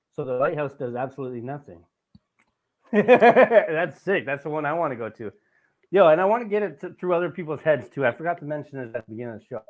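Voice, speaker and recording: A man hosting a casual podcast, telling a rambling, profane story with lots of asides. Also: a little high. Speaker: podcast host.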